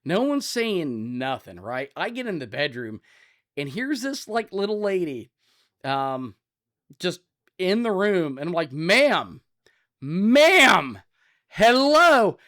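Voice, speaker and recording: Loud animated man telling stories. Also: fairly high pitch, measured pace. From Ohio. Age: around 40. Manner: loud, animated storyteller, acts out scenes. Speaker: podcast co-host. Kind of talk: casual chat, storytelling.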